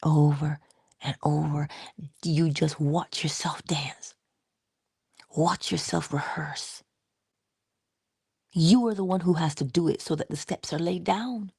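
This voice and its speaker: A woman with a low, gravelly, husky voice talks through a casual motivational livestream. She is playful, slips into breathy whispered asides and bursts into animated quoted voices. The sound is close and dry. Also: slow, pauses often, no room sound. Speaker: livestream host.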